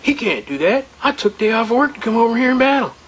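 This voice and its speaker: A man voicing an excited male truck driver who insists on fighting his case in court. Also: very high-pitched, quick pace, a little hiss or hum, pitched above the performer's own voice, heavily acted. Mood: eager, insistent.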